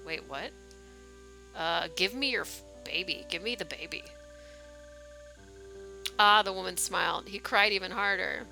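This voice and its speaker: A woman's voice: on the low side, moderate pace, long pauses, sharp tone, soft background music. A woman streamer reading a game's story text aloud, with small voice shifts for the dialogue and casual asides. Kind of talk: reading game text aloud with live reactions.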